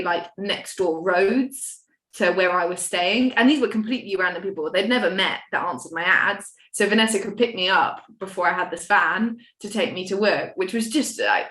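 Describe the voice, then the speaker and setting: As a podcast guest, this young woman from the United Kingdom shares her story casually, rambling, self-deprecating and occasionally swearing. Her fairly low voice is a bit bright, at normal speed, and the recording has a roomy echo.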